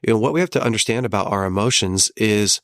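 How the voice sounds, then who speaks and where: A man with a low voice speaks in an earnest, measured way, like a guest in a podcast interview. He sometimes acts out the lines of people he quotes. The sound is close and dry, with no room echo. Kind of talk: reflective conversational interview.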